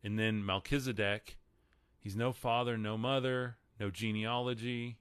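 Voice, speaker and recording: A man's voice: on the low side, little pitch movement, measured pace, a bit bright, clean tone, no room sound. A man with a Texan accent hosting a live stream, chatting casually about the Bible and answering viewer comments. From Texas. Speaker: podcast host.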